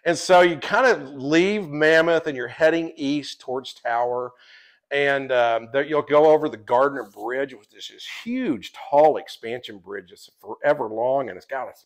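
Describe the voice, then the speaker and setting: Gravelly man telling rambling park stories. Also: mid-range voice. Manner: rambling, chatty, quick to laugh. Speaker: tour guide and guidebook author. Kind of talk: casual podcast storytelling.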